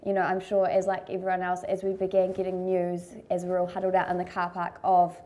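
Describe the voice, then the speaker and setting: A woman's voice: lowish voice, monotone, brisk, warm tone, dull audio. A woman from Christchurch with a New Zealand accent, recalling events casually and earnestly. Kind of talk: documentary interview recollection.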